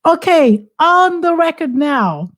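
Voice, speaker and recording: A woman's voice: high voice, very animated, slow. Exuberant woman host. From Haiti. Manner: exuberant, exclamatory, teasing. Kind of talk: casual talk-show chat.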